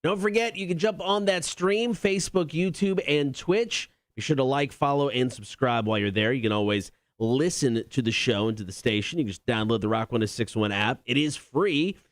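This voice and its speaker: A man's voice: medium pitch, dry recording. A man co-hosting a morning radio show, running a quiz segment with upbeat announcer delivery. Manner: upbeat announcer delivery, reads quotes slowly. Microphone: studio microphone.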